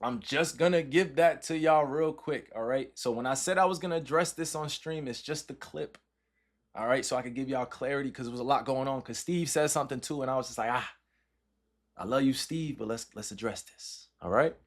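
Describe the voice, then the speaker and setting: A man's voice: mid-range voice, fairly quick. A man in his thirties casually talking to his livestream chat, loose and repetitive, often tagging his sentences with "right?" and "all right?".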